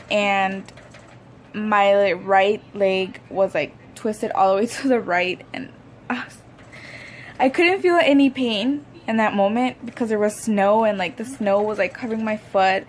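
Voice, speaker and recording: A woman's voice: medium pitch, slight background noise. A young woman vlogger telling a personal story in a rambling, conversational way, with many fillers. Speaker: YouTuber. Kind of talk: casual storytime vlog.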